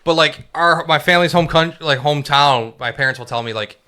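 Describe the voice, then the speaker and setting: A man's voice: a little high, fairly quick, bright, forceful tone, smooth. A man co-hosting a podcast, telling stories earnestly in casual chat. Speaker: podcast co-host.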